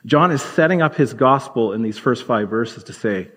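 A man preaching a sermon as pastor, explaining scripture in a conversational teaching manner and slowing down to stress key words. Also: medium pitch, animated, a bit bright. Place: church sanctuary. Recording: long hall reverb.

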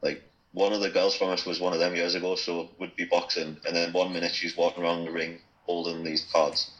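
A man's voice: sits low, monotone, a little fast, a bit bright, muffled recording. A man with a Geordie accent from Newcastle, chatting casually and bluntly, swearing freely. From Newcastle, England. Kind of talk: casual chat.

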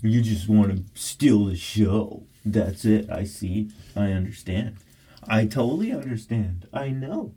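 A man, the host of a podcast, chatting in baby talk to his pet dog in a studio, his voice swooping up into high squeals. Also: animated, measured pace, mellow, husky. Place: recording studio.

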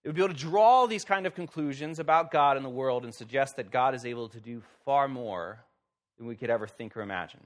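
A man pastor giving a sermon in a conversational, lively way with wry humor. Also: mid-range voice, fast talker.

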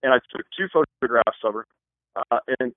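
A man who works as a wedding photographer, answering interview questions in a fast, rambling way with many restarts. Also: medium pitch, dry recording. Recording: tinny phone line.

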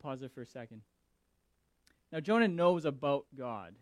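A man preaching who reads scripture and comments on it in an animated, emphatic way, often repeating his words. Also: medium pitch, moderate pace, no echo. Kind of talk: scripture reading and sermon commentary.

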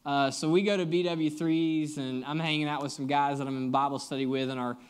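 A young man preaching a sermon, his voice sitting a little higher than most men's. He talks to the congregation like friends, joking and telling stories as he teaches. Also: fairly even intonation, brisk, clear, resonant tone. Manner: storytelling, joking, conversational preaching. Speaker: guest pastor.

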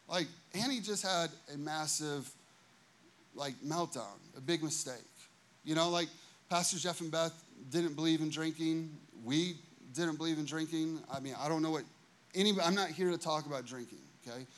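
A man in his thirties, a pastor preaching a sermon, telling a story with lively asides and acted-out quotes. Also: sits high, moderate pace. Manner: animated, acts out quotes, many "you know what I mean" asides.

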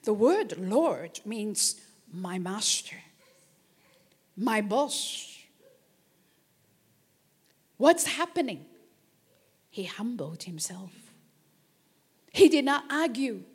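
A woman preaching a sermon, slow and emphatic, repeating phrases and calling out amens to the congregation. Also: mid-range voice, sing-song, husky.

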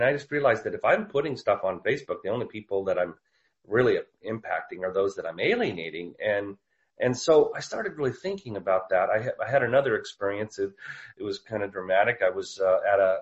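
A man who is a preacher and author, telling stories in a casual teaching talk, often halting and restarting his sentences. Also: fairly low pitch, muffled recording. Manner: storytelling, halting with many restarts. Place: Portland area.

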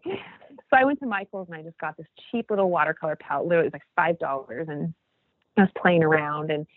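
Speaking fast in a deep voice, this forty-something guest on a podcast chats casually and sincerely about her faith, often restarting as she rambles. The audio is dry but tinny, like a phone line.

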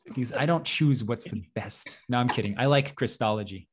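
A man's voice: medium pitch, expressive, a little fast, slight background noise. A young man co-hosting a podcast, chatting casually, rambling with lots of fillers and little laughs. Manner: rambling, self-deprecating, laughs often, many fillers. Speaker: podcast co-host.

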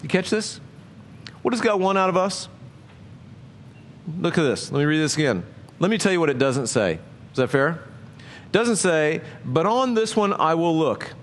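A man preaching a sermon in a conversational way, asking his listeners many rhetorical questions and often jumping up in pitch for emphasis. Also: very animated, normal speed, pauses often. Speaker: pastor.

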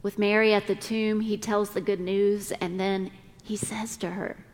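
A middle-aged woman pastor preaching a sermon, speaking deliberately with dramatic pauses. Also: medium pitch, flat delivery. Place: church sanctuary. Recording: long reverb of a church hall.

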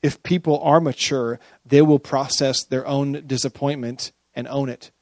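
A man's voice: mid-range voice, steady tone, normal speed, hardly any pauses, a little mellow, no room sound. A man preaching a sermon as a pastor, chatty and often checking in with his listeners. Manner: conversational, often checks in with the audience.

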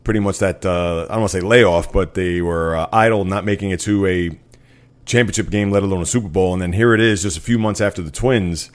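A man's voice: low-pitched, a little fast. A man hosting a sports podcast, talking casually and at length with lots of fillers. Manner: rambling, filler-heavy, frequent "uh". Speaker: podcast host.

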